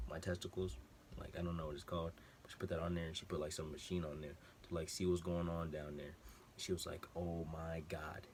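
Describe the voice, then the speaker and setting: A young man with a low, deep voice tells a personal story in loose, slangy casual talk. He acts out the other people's lines as he goes. A faint hum of room noise sits behind him. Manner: animated slangy storytelling, acting out quotes. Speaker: vlogger.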